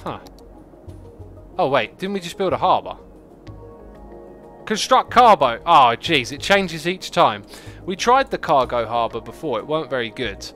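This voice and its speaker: A man giving casual, chatty livestream commentary while building a city in a game, reacting out loud to it and answering chat. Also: fairly high pitch, big pitch swings. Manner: chatty, talks to the game and to chat, quick exclamations. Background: faint background music.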